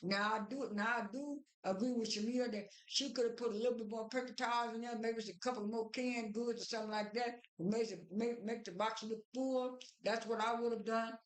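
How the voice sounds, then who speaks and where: A woman's voice: a little high, fairly even intonation, fairly quick, hardly any pauses. A woman casually recapping a TV episode in a rambling way, with lots of restarts and fillers. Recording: echoey room.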